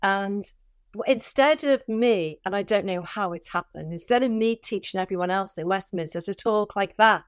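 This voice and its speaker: A middle-aged woman with a softened Liverpool accent, a former cabinet minister chatting candidly and animatedly as an interview guest. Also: medium pitch, moderate pace, smooth, no echo, clean studio sound. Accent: mild Liverpool, softened toward southern English. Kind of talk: casual conversational interview.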